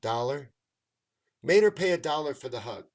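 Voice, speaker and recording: This time the comedian speaks fast, in a fairly high pitch. His long, casual story is profane and animated, with him acting out what others said, as befits a stand-up and show host.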